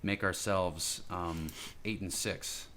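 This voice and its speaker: Forceful low-voiced podcast man. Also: fairly even intonation, slow pace, slight background noise. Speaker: podcast co-host. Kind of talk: casual sports chat.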